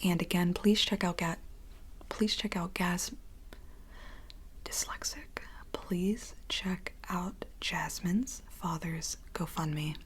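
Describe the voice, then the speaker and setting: Reading a script in soft, whispered role-play on a binaural mic, a woman ASMR host adds chatty, casual asides. She speaks slowly in a lowish voice with a steady tone.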